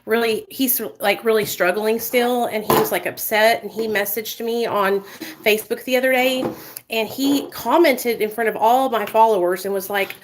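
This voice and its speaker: A woman's voice: a little high, moderate pace, low-quality recording. A woman in her thirties talking to her viewers as a vlogger, emotional and rambling, with many fillers and asides. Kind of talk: emotional casual talk to viewers.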